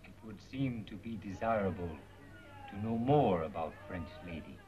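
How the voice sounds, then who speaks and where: An actor playing a watchful man who speaks in measured proverbs and clipped broken English in a 1930s film. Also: fairly low pitch, animated, a crowd in the background, close to an everyday voice. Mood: calm. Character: watchful, aphorism-spouting male observer. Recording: muffled old 1930s film soundtrack.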